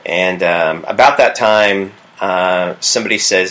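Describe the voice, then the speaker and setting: A man who works as a youth pastor, telling a personal story in a casual, halting way with many restarts. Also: low-pitched, fairly bright tone, poor audio. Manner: halting, with frequent restarts and fillers.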